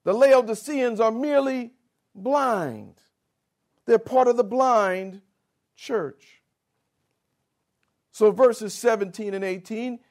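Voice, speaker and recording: Male preacher, unhurried and insistent, speaks straight to the congregation. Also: very high voice, a little mellow. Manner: spells out Greek words slowly and earnestly; addresses listeners directly and insistently. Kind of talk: sermon.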